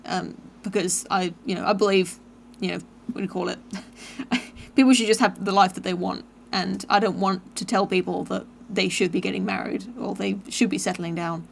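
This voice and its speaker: A woman hosts a casual conversation, her voice carrying a light vocal fry. She talks chattily and hesitantly, scattering fillers and laughing easily. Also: mid-range voice, fairly even intonation, normal speed, few pauses, a little hiss or hum. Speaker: host. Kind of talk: casual chat.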